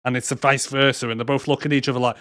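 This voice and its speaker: A man's voice: mid-range voice, level tone, very fast, fairly bright tone, no echo, clean studio sound. A man co-hosting a casual movie podcast, swearing freely and acting out scenes in mocking voices. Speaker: podcast co-host.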